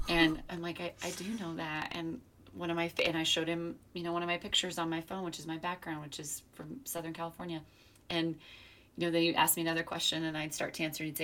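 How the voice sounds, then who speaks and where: A woman co-hosting a casual chat, telling a reflective personal story in an animated way and acting out the people in it. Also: fairly low pitch, fast, slight background noise. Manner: animated storyteller, reflective, acts out quoted voices. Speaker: podcast co-host.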